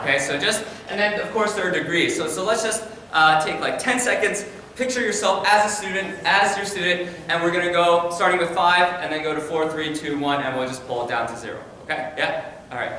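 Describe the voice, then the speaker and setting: A male high school science teacher giving an energetic, animated conference presentation, often repeating words as he starts a sentence. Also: fairly quick. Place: large conference room. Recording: echoey hall from far off, faint noise.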